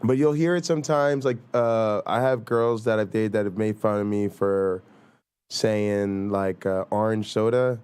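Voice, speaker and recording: A man's voice: on the low side, fairly even intonation, a little slow, a little mellow, clean tone. A man with a New Jersey accent hosting a live stream, rambling casually and swearing as he thinks aloud. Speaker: livestream host.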